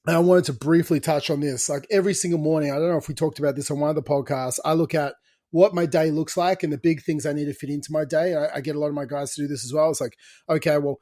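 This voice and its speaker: A man's voice: fairly high pitch, fairly even intonation, fast talker, warm tone, no room sound, studio quality. A man co-hosting a podcast as a coach, speaking in an encouraging, casual way. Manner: encouraging, says mate.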